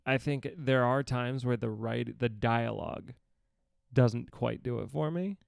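Casual young man with a gravelly voice. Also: mid-range voice, a little slow, dry recording, clean studio sound. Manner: rambling, swears casually, teasing. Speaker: podcast co-host. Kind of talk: casual chat reviewing a TV show.

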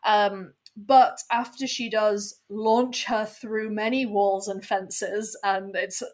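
A woman in casual chat about a TV episode, measured and hesitant, with many ums and frequent laughs. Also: medium pitch, little pitch movement, darkish tone.

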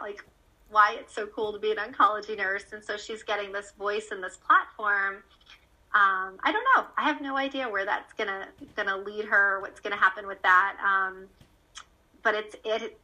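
Female interview guest, a mother; earnest, animated, loose with fillers; bright, tense tone. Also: medium pitch, moderate pace, low-quality recording. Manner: earnest, animated storyteller with many fillers and restarts. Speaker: guest, parent of a child cancer survivor. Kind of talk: candid conversational interview.

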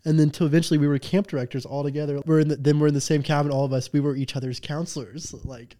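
A man's voice: a little high, fairly even intonation, fast talker, mellow. A man in his twenties, co-hosting a casual podcast chat and telling rambling, jokey stories. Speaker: podcast co-host.

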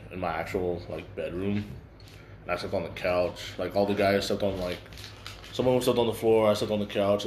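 A man's voice: deep voice, darkish tone, slight background noise. A young man hosting a casual chat, telling stories in a slangy, profane way full of fillers. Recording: echoey room.

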